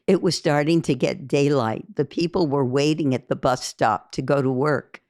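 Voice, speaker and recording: A woman's voice: sits low, fairly even intonation, moderate pace, a little mellow, dry recording. Woman reading a gritty memoir, dry close sound. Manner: intense, emphatic delivery of heated quoted speech. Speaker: audiobook reader. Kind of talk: first-person memoir narration.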